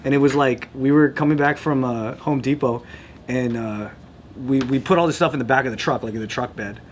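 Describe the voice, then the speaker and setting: A man hosting a comedy podcast, telling a relaxed story in casual chat and reflecting on arguments. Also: medium pitch, fairly quick, slight background noise. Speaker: podcast host.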